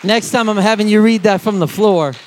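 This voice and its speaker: A man giving a children's sermon, animated and emphatic, talking straight to the kids. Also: high-pitched, fairly quick, a faint crowd, a little hiss or hum. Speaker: children's pastor.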